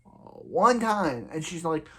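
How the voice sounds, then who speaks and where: A man's voice: fairly high pitch, big pitch swings, takes it slowly, breathy edge. Rambling young man reviewing a TV episode. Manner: rambling, exasperated, lots of filler words. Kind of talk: casual reaction review.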